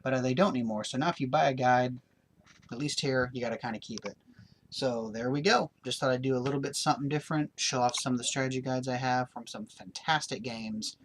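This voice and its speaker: A man's voice: mid-range voice, fairly quick, slight background noise. Blunt, rambling man showing off his guides. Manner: blunt, opinionated, rambling with fillers. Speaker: gaming channel host. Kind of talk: casual show-and-tell vlog.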